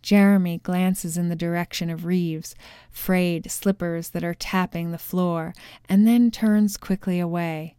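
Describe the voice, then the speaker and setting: A woman reading a first-person courtroom scene from a novel in a measured storytelling manner. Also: on the low side, fairly even intonation, dark tone, clean tone, no echo, studio quality. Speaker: narrator reading a novel excerpt. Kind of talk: scripted narration.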